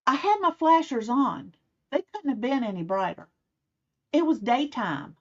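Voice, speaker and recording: A woman's voice: sits high, sing-song, a little slow. A middle-aged woman telling a personal story in a casual way, acting out the people she quotes. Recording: slightly muffled, dull sound.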